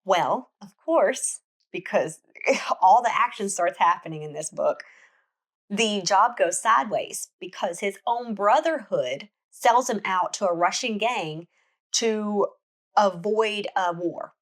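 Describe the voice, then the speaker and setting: A woman's voice: mid-range voice, takes it slowly. Woman recapping a novel in casual chat. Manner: chatty storytelling with frequent restarts. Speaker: book podcast host.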